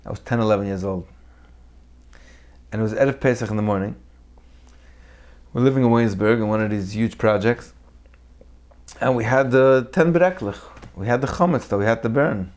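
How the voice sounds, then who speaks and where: A man's voice: fairly low pitch, moderate pace, long pauses. A man giving a weekly Torah talk, telling stories animatedly and acting out the people in them. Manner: animated storyteller who acts out the people in his tales. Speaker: Torah teacher.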